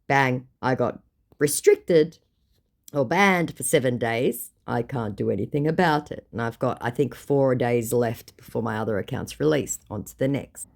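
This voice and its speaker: A woman's voice: rumbling low, lively intonation, measured pace, vocal fry. A woman vlogger sarcastically retelling her chats with scammers, exasperated and swearing.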